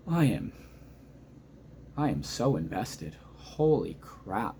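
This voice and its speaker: A lower-voiced man at home late at night, speaking softly so he won't wake anyone. He is still buzzing and emotional, rambling excitedly from one play to the next. A faint background hum sits under his voice. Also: slow pace, gravelly, long pauses. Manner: talking quietly but wired and excitable, rambling recap. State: keyed up and emotional. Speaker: hockey fan reacting to a game. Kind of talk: excited post-game reaction monologue.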